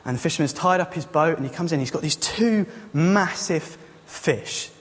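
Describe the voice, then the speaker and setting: A man's voice: fairly high pitch, animated, normal speed. A man, a youth leader, preaching a sermon in a casual, joking, conversational way. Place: church hall. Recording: long church hall reverb.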